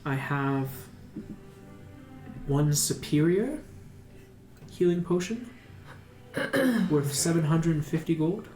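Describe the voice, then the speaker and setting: A man voicing a genial male priest who runs a potion shop, speaking in a polite, unhurried way. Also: fairly high pitch, expressive, darkish tone, voice pushed up. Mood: businesslike. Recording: roomy room, music behind.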